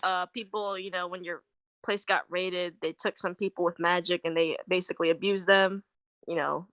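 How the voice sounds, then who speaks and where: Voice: mid-range voice, fairly even intonation, moderate pace, fairly bright tone, dry recording, lightly acted, rough recording. A woman voicing Leon, a polite man who travels a lot, speaking earnestly in a tabletop game.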